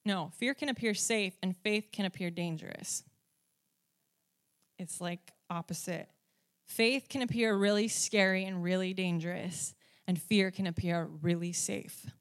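A woman preaching a sermon who asks her audience questions and grows lively, rising in pitch and volume, when she tells stories. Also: a little slow.

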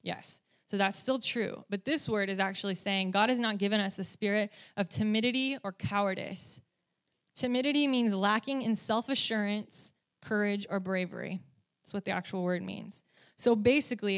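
This is a woman giving a sermon who questions her congregation directly. Her stories bring out more energy, with her voice growing higher and louder.

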